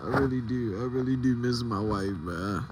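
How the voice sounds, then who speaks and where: A man's voice: mid-range voice, normal speed, noisy background. A man casually chatting to viewers on a livestream, loose and profane, joking about his heartbreak.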